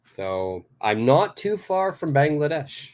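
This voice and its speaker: A man's voice: a little high, very animated, slow pace, darkish tone. A man from Canada teaching English idioms in a live online lesson, explaining patiently and repeating key phrases. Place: home studio in Tokyo.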